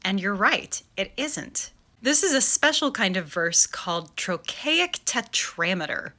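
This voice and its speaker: A woman's voice: medium pitch, sing-song, measured pace, sharp tone. A young woman giving a playful video lesson on poetry, chanting rhythms as she explains. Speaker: acting coach.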